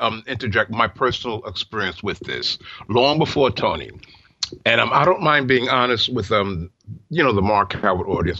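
Lively, bright-voiced radio host. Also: male voice, lowish voice, no room sound. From New York. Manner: earnest, heartfelt testimony with stammered restarts. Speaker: radio talk show host. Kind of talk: Christian call-in radio talk. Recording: muffled broadcast audio.

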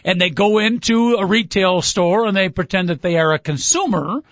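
Wry, high-voiced radio host. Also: male voice, lively intonation, moderate pace, a bit bright, dry recording. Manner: wry, chuckling, teasing. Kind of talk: casual sports radio banter. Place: radio studio. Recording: muffled lo-fi radio broadcast.

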